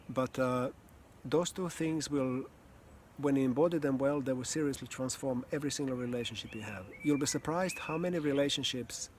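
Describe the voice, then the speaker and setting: A man who coaches voice and communication gives a slow, reflective teaching talk, his medium-pitched voice calm and earnest. Pauses, occasional sighs and soft laughs mark his delivery, and a little background noise is present.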